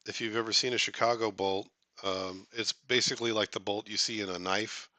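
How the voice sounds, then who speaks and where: Bright-voiced man rambling on a live stream. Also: fairly low pitch, fairly even intonation, fairly quick, dry recording. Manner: rambling, joking, with many fillers and restarts. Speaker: artist hosting a live stream. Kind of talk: casual live-stream chat.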